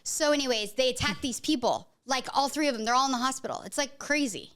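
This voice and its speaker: Woman, podcast host, mother, high voice, rambling animated storytelling. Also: fast talker, clean tone. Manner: animated, rambling, heavy use of "like". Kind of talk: casual storytelling chat.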